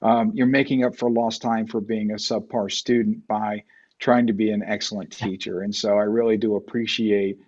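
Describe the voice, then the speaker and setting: Low-voiced guy hosting an online panel, earnest, kinda halting, muffled video call audio. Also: flat delivery, a little mellow. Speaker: host. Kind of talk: livestreamed panel conversation.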